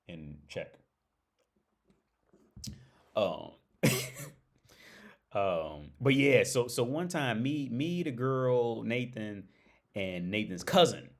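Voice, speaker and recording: A man with a lowish voice hosts a livestream and tells a rambling, loose story. He laughs a lot, swears, and peppers his talk with "like" and "right?".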